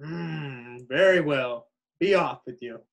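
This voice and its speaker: A mean, ugly storybook troll growls his threats from under the bridge, as a man reads the part. He speaks slowly and gruffly, in a fairly high register for a man. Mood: threatening.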